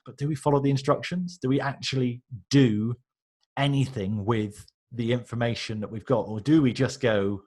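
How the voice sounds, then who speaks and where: A man, a guest on a podcast, telling stories in a casual, animated way and acting out the reactions he quotes. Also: medium pitch, normal speed. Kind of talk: casual interview storytelling.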